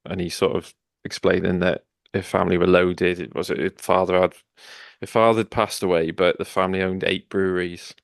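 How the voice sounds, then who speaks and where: Gravelly low-voiced man, dry sound. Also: level tone, fairly quick, no echo. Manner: recounts scenes, quotes lines. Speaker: podcast co-host. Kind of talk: casual chat.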